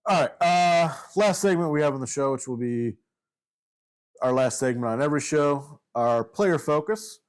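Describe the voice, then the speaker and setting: A man's voice: a little high, animated, normal speed, clean tone. A young man hosting a casual poker podcast, easygoing and full of fillers as he guides the segments. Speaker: podcast host running segments.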